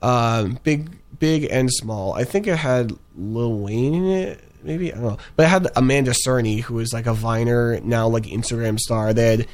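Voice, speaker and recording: A man's voice: mid-range voice, moderate pace, few pauses, a little mellow. A young man chatting casually about ads he has seen, rambling with plenty of fillers and restarts. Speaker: co-host reviewing ads. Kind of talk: casual chat.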